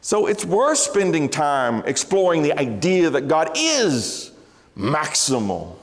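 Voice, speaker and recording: A man preaching a sermon in an earnest, conversational way, with light self-deprecating humor. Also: a little high. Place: large church sanctuary. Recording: long hall reverb.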